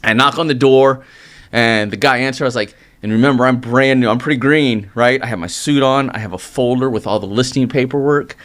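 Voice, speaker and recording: Middle-aged man, mortgage guest, lively anecdotal delivery, mid-pitched voice. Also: brisk. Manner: energetic, animated storytelling with acted quotes. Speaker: mortgage loan originator, guest. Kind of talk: casual storytelling interview.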